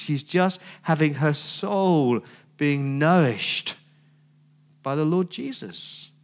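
Aussie pastor guy preaching, chatty storytelling, slightly high voice. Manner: conversational storytelling, rhetorical questions. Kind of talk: sermon.

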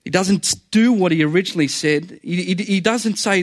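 A man's voice: high-pitched, moderate pace, no room sound, studio quality. A man preaching a sermon in an earnest, conversational way, often repeating phrases for emphasis.

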